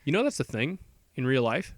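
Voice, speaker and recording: A man co-hosting a podcast, rambling through a movie plot and slipping into quick quoted voices for the characters. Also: medium pitch, big pitch swings, dry recording, clean studio sound. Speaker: podcast co-host. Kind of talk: casual movie recap chat.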